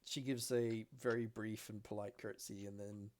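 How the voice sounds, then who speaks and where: A man narrating a tabletop game as game master, in a steady, descriptive way. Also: on the low side, moderate pace.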